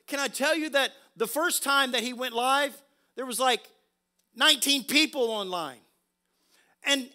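A man preaching a sermon as pastor, emphatic, swinging from quiet asides to loud exclamations. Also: very high-pitched.

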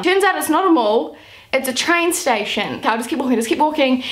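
A young woman from New Zealand chats to camera in a bright, high voice, telling a story at an easy pace. She peppers almost every sentence with "like," keeping the tone loose and casual. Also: brisk. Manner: chatty, says "like" constantly. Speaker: vlogger.

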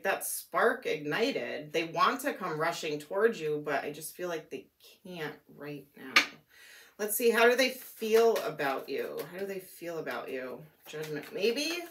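A woman reading tarot cards aloud, musing and thinking out loud as she goes, her voice a little worn and hoarse. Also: mid-range voice. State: losing her voice. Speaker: tarot reader.

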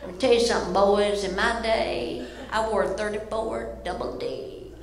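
A woman's voice: medium pitch, steady tone, moderate pace, a crowd in the background. A woman in her fifties performing a brash, self-mocking stand-up comedy routine on a club stage, chatting with the audience. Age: 50s. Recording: echoey live club, loud audience noise. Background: audience laughing and applauding.

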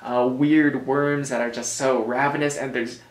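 A man's voice: medium pitch, little pitch movement, unhurried. Joking American man in an echoey room. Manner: rambling, joking asides, self-correcting. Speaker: board game reviewer. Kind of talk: casual review commentary. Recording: roomy echo.

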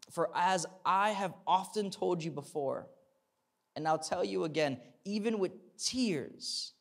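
A man's voice: a little high, gravelly. A young man preaching a sermon in a conversational way, with repeated words and tag questions, building to fervent emphasis. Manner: repeats words and restarts, uses "like" and "right?".

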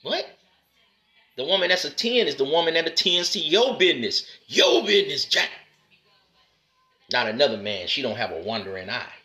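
A man lectures his listeners in a bright, forceful voice, calling them "man" and "brother" over and over. His delivery is emphatic, with loud punchy lines that drop into low, slow asides. It sounds like a street-style motivational talk aimed straight at the camera. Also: sing-song. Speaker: motivational speaker addressing men. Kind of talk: preachy direct-to-camera monologue.

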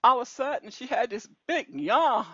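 A woman minister giving an animated testimony over a phone call, preachy and repetitive, her voice leaping high when excited. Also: moderate pace, husky, dry recording. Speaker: deliverance minister. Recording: dull lo-fi call audio.

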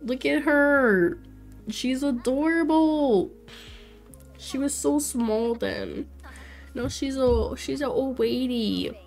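A woman's voice: high voice, slow pace, soft background music. Bubbly chatty young woman streamer. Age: 20s. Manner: bubbly, chatty, laughs often. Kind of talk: casual livestream chat while playing.

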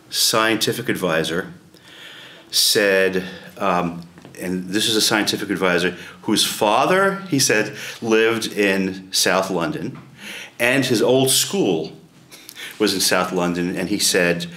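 A man leads a class in a conversational, storytelling way, clearing his throat now and then and turning questions back to the group. His speech is slow, his pitch rises and falls widely, and it sits fairly low. The room around him is audibly echoey. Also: animated, fairly bright tone. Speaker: adult education class leader. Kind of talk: informal lecture with storytelling. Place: church meeting room.

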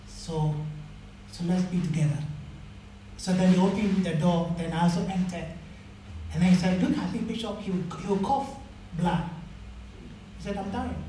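A man preaching a sermon as pastor, telling stories and acting out the dialogue with rising pitch. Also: mellow, far from the mic, a little hiss or hum. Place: church. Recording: echoey church hall, mic from afar.

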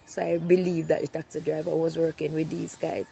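A Jamaican woman gives her eyewitness account in a mellow, gravelly voice that stays fairly level in pitch. She tells it plainly, drifting into patois as she goes. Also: level tone, fairly quick, a little hiss or hum, poor audio. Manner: storytelling, slipping into patois. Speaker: robbery witness.

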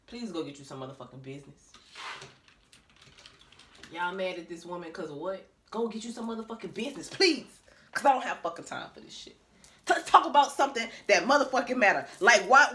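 A woman's voice: fairly high pitch, sharp tone, slight background noise. A woman vlogger delivering a blunt, profane rant to camera, talking in an emphatic way and laughing between her points.

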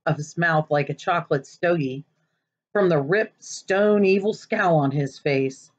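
Lady reading a kids' book out loud, expressive, kinda muffled lo-fi sound. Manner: expressive, acts out the children's lines in higher voices. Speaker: narrator. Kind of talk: reading a novel aloud.

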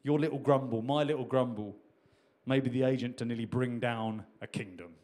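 A man's voice: mid-range voice, a little fast, a little mellow. A middle-aged man preaching a sermon in a conversational way, with repetitions and restarts. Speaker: pastor.

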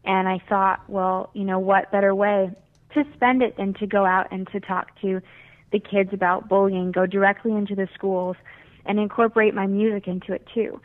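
A woman's voice: medium pitch, level tone, moderate pace. A fifteen-year-old girl from South Florida, a singer being interviewed, talking earnestly and chattily with lots of fillers. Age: teens. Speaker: guest singer. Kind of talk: phone interview. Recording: tinny phone line.

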